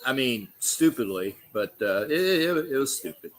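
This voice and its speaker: A man's voice: medium pitch, sing-song, moderate pace, a bit bright, low-quality recording. A middle-aged man, hosting a sports livestream in loose, profane, rambling chat full of restarts. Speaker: livestream host.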